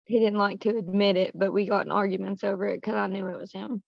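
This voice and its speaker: A woman as a client, answering questions quietly in short matter-of-fact replies. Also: medium pitch, level tone, fast, vocal fry, dry recording, lo-fi sound. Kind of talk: casual conversation.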